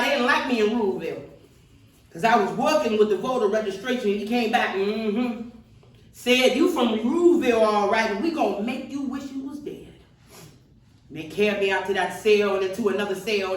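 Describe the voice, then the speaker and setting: An actress's fairly high, natural-sounding voice carries from far off in a roomy hall during a seated stage reading. She portrays a defiant middle-aged Southern woman activist, speaking with a Mississippi accent and an earthy, testifying cadence.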